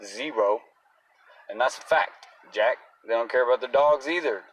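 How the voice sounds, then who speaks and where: A man's voice: medium pitch, normal speed, far from the mic, a little hiss or hum, poor audio. A man in a casual, agitated rant, talking bluntly and swearing often. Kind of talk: casual profane rant to camera.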